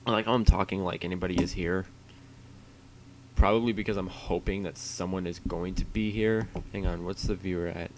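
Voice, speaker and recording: A man's voice: deep voice, steady tone, brisk, a little mellow, a little hiss or hum. A man streaming alone, rambling in a profane, self-mocking way while he waits for his stream to start. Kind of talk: casual solo livestream chatter.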